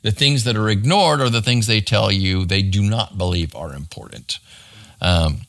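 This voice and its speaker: Bright-voiced pastor teaching a Bible class. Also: male voice, lowish voice, moderate pace, creaky. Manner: conversational, checks in with the class with "right?".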